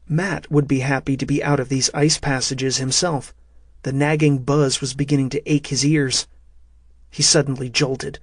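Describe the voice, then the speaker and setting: A man narrating a thriller audiobook in a steady, measured way. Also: mid-range voice, no echo, studio quality.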